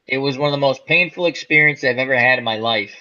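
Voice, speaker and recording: A man's voice: medium pitch, fast, bright, forceful tone, muffled recording. A man telling a long, funny story in a casual chat, acting out quotes and swearing freely. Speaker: podcast co-host telling a story.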